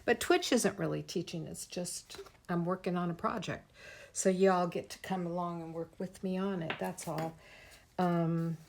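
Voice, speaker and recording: A woman leads a casual craft lesson on a livestream, pausing to greet viewers. Her voice is low and gravelly. She talks slowly and chattily as she works. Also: steady tone. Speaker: art teacher.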